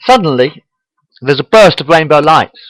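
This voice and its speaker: A man's voice: mid-range voice, animated, moderate pace, a bit bright, dry recording, poor audio. Rambling man reading to a webcam. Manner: rambling, apologetic, self-correcting. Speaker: amateur fan fiction reader. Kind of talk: reading his own fan story to webcam. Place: home room.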